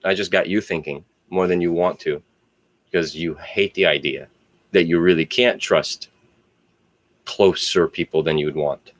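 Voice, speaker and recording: A man's voice: low-pitched, steady tone, moderate pace. A man, rambling and philosophizing in a profane solo monologue. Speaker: solo video host.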